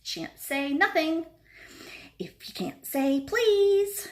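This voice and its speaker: Peeves, a woman doing a shrill sing-song poltergeist. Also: drawn-out words, heavily acted. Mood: taunting sing-song. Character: cackling mischievous male poltergeist.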